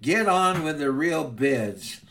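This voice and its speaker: A man voicing an impatient, angry male art buyer who shouts out at an auction in a retold story. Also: on the high side, lively intonation, slow pace, a little hiss or hum, exaggerated voice.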